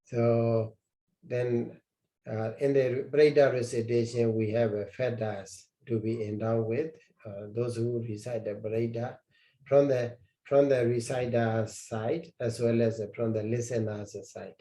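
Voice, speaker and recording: Slow, mellow-voiced monk teaching. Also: male voice, mid-range voice, flat delivery, poor audio. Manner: halting, many fillers and repeated phrases. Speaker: Buddhist monk teaching scripture. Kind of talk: slow scripture lecture.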